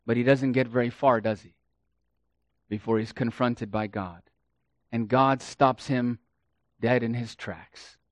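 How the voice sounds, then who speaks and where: A man preaching a sermon, dramatic, swinging between hushed and loud and acting out the quotes he reads. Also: medium pitch, steady tone, a little slow, long pauses, dry recording.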